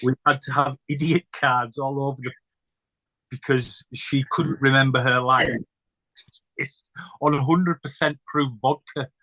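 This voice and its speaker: A man's voice: medium pitch, fairly even intonation, a little slow, sharp tone, no echo, poor audio. A man hosting a casual chat, chatty and jokey. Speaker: podcast host.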